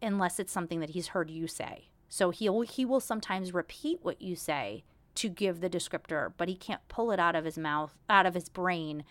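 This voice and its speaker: A woman's voice: lowish voice, moderate pace, a bit bright, dry recording. A woman in her thirties hosting a casual solo podcast, talking candidly in a chatty, self-deprecating way. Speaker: podcast host.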